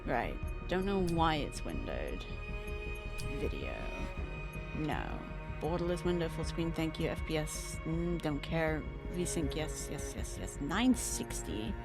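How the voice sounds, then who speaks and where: A woman's voice: low-pitched, sing-song, unhurried, over loud music. A woman streaming from home, chatting casually and candidly with her viewers while setting up a game. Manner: chatty and candid, greets chat by name, swears casually.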